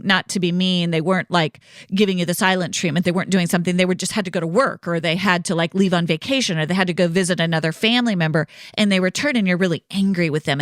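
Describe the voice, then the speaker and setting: A woman's voice: lowish voice, dry recording, studio quality. A woman hosting a podcast, explaining ideas in a casual, reassuring way and often checking in with "right?". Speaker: podcast host and counselor. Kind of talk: casual solo podcast teaching.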